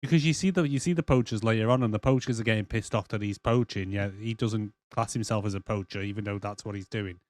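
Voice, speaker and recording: A man's voice: on the low side, fast talker, hardly any pauses, a little mellow, dry recording. A young man co-hosting a casual movie review podcast, sweary and acting out scenes in silly voices. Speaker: podcast co-host.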